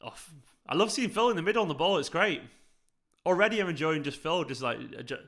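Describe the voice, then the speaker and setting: A man's voice: on the high side, expressive, quick pace, a bit bright. A man hosting a live football watchalong, chatting casually and reacting to the match while answering viewers. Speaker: fan channel host.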